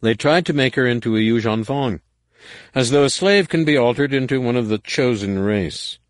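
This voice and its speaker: A man voicing a sly alien male executor who speaks smoothly and ingratiatingly. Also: mid-range voice, moderate pace, no echo, clean studio sound, pitched above the performer's own voice, close to an everyday voice.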